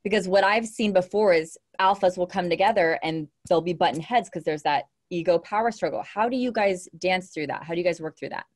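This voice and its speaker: Enthusiastic lower-voiced woman host. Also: fairly quick, few pauses. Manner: enthusiastic, affirming, rambling questions. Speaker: podcast host. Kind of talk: interview conversation.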